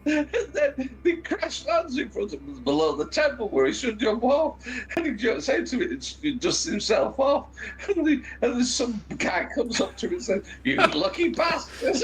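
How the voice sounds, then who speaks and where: A man in his fifties chatting on a game livestream, excitable and laughing through his own storytelling. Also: very high voice, moderate pace, rough recording. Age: 50s. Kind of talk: casual chat.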